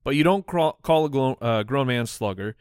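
A man's voice: mid-range voice, animated, moderate pace, darkish tone, clear, resonant tone, no echo, studio quality. A man co-hosting a comedy podcast, laying out his points emphatically in casual banter. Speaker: podcast co-host.

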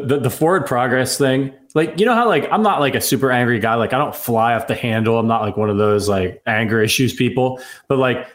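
Rambling man with mid-pitched voice. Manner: rambling, lots of filler "like". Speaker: podcast co-host. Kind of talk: casual sports podcast chat.

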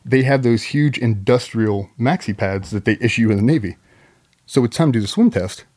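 A man's voice: medium pitch, moderate pace, a little mellow. Rambling, profane male podcast guest. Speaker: podcast guest, former Navy SEAL. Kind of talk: casual storytelling.

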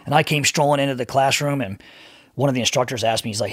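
A man's voice: mid-range voice, lively intonation, fast talker, a bit bright, dry recording, studio quality. A man telling war stories in casual podcast chat, swearing freely, laughing and acting out the voices of people he quotes. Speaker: former Navy SEAL guest storyteller.

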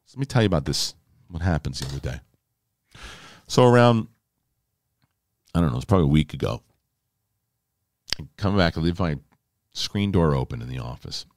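A man hosting a podcast, telling a story in a casual, animated, emphatic way and swearing freely. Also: rumbling low, moderate pace, long pauses. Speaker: podcast host.

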